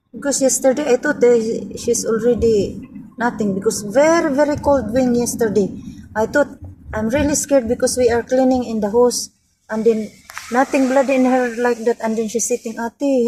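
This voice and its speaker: Woman chatting over loud road noise. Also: a little high, moderate pace. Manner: chatty, non-native English, tells stories with quoted dialogue. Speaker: vlogger. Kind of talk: casual storytelling chat. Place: car on a night road.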